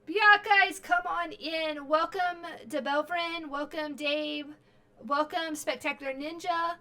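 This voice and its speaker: A woman's voice: high-pitched, fairly even intonation, slow, bright, forceful tone. A very tired woman streamer wrapping up her stream in casual chat, rambling with lots of fillers and restarts.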